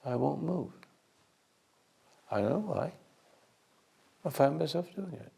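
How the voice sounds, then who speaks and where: An older man giving an unscripted, sermon-like talk as a spiritual teacher, telling a story slowly with many restarts and hesitations. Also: a little high, expressive, mellow. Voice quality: gravelly.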